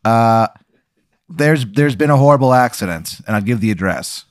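A man in his thirties answering a hypothetical in casual, halting talk, often repeating words. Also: medium pitch, lively intonation, no echo, clean studio sound. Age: 30s. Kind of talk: casual improvised chat.

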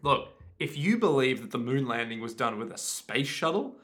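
A man's voice: mid-range voice, very animated, moderate pace, a bit bright. A man co-hosting a podcast, chatting casually, swearing and breaking into goofy impressions. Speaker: podcast co-host. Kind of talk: casual comedic recap chat.

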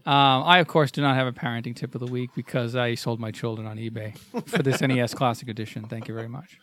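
A man's voice: medium pitch, fairly even intonation, fast, fairly bright tone. A man hosting a podcast in casual chat, teasing and joking. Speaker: podcast host.

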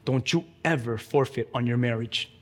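A man's voice: medium pitch, moderate pace, in a large hall. A man preaching a sermon as pastor, urging the congregation directly and with emphasis.

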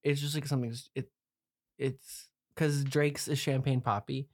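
A man's voice: mid-range voice, little pitch movement, normal speed, dry recording. A young man in his twenties co-hosting a podcast, bantering and giggling. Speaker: podcast co-host. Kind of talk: casual podcast chat.

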